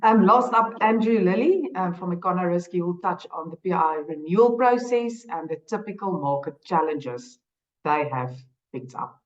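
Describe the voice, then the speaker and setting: A woman moderates a webinar panel, polite and brisk as she passes between speakers. Her voice sits slightly low, and the call audio is dull and lo-fi. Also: lively intonation.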